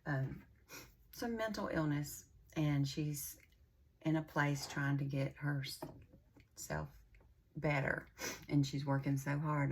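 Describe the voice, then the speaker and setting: Older woman, low gravelly rambling voice. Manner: chatty, rambling storyteller with a warm folksy drawl. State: runny nose. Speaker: vlogger. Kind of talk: casual chatty vlog.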